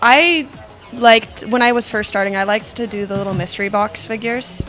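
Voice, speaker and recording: A woman's voice: mid-range voice, normal speed, a bit bright, faint music behind. Giggly woman guest in a studio chat. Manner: giggly, bubbly, many ums. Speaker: guest, figure collector and cosplayer. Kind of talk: casual interview chat.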